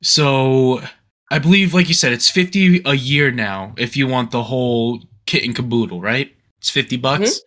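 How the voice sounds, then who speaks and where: A man's voice: mid-range voice, normal speed, fairly bright tone. A man co-hosting a casual gaming podcast, blunt and opinionated, often restarting his sentences. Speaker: podcast co-host.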